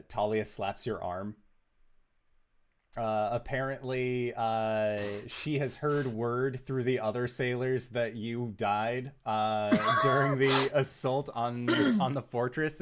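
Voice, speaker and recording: A man narrating a tabletop role-playing game as game master, in a measured, descriptive way. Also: mid-range voice, fairly bright tone, smooth.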